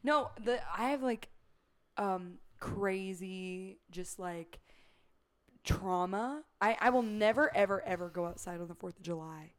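A young woman co-hosting a podcast in casual chat, with a raspy voice and a loud, animated way of telling stories. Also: mid-range voice, measured pace. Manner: loud, animated storytelling with sudden squeals. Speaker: podcast co-host.

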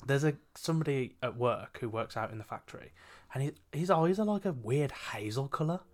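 A woman's voice: very deep voice, animated, a little fast, darkish tone. Giggly chatty woman reading fanfic. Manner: giggly, chatty, lots of fillers. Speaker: podcast co-host. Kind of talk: casual chat, reading fan fiction aloud.

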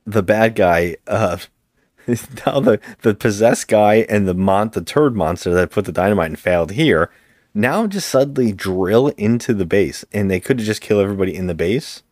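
A man's voice: on the low side, animated, normal speed, darkish tone, no room sound, studio quality. A man co-hosting a podcast, retelling a movie's plot casually with rambling restarts. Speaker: podcast co-host. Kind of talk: casual movie recap chat.

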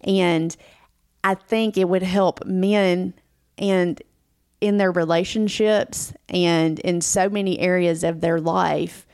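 A woman's voice: lowish voice, steady tone, slow, a little mellow, no room sound, studio quality. A woman co-hosting a casual chat, talking earnestly and encouragingly, repeating phrases for emphasis. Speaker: podcast co-host.

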